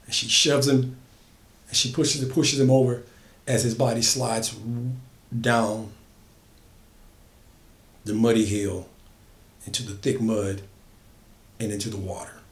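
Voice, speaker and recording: A man's voice: lowish voice, flat delivery, slow, long pauses. A man casually telling an original horror story, building emphasis by repeating phrases. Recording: echoey room.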